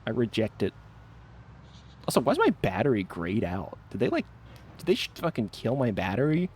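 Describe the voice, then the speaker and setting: A man's voice: lowish voice, huge pitch swings, moderate pace, slightly rough. A man giving casual live commentary while playing a game, joking and laughing often. He banters defensively with his chat. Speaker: streamer.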